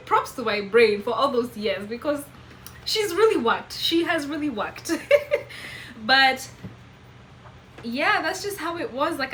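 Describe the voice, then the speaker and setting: A woman's voice: on the high side, slight background noise, low-quality recording. Chatty Kenyan woman vlogging to camera. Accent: Kenyan (Meru). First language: Kimeru. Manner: chatty, animated, laughs often. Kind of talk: casual chat to camera.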